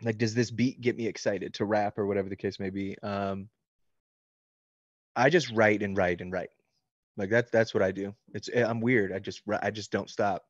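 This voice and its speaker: A man's voice: fairly low pitch, fairly even intonation, moderate pace, no room sound, muffled recording. A man in his thirties answering fan questions about his book, rambling casually with plenty of likes and ums. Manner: loose and rambling, many likes and ums, laughs easily. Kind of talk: casual interview chat.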